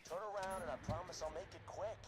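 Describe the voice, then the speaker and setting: A man voicing a cold male villain in a video game cutscene, speaking with a low, threatening delivery. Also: fast, lightly acted. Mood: menacing. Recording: game audio with background noise.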